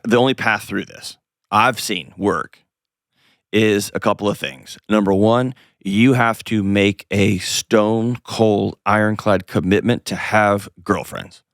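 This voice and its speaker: A man's voice: fairly low pitch, steady tone, slow pace, a bit bright, dry recording, studio quality. A man hosting an advice call-in show, talking in a direct, coaching way with playful asides. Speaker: host.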